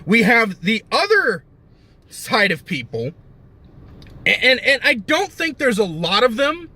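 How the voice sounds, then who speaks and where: A man's voice: extremely high pitch, very animated, a little slow, pushed and bright. A young man ranting in heated, profane, sarcastic commentary, often stopping to correct himself. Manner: rambling with self-corrections.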